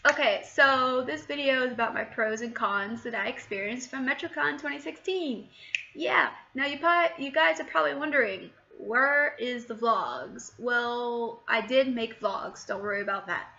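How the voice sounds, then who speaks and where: A woman's voice: on the high side, pushed and bright. A young woman in a casual vlog, talking from home into her laptop, chatty and rambling with lots of ums. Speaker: vlogger and documentary director. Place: home, sitting with laptop, laptop fan blowing. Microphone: laptop built-in mic. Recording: dull lo-fi laptop mic.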